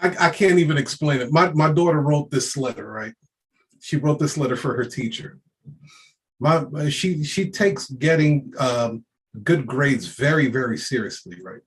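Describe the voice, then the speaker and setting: A man's voice: medium pitch, normal speed. A man giving an unscripted motivational rant, streetwise, profane and emphatic, often laughing. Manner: streetwise slang. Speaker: motivational speaker.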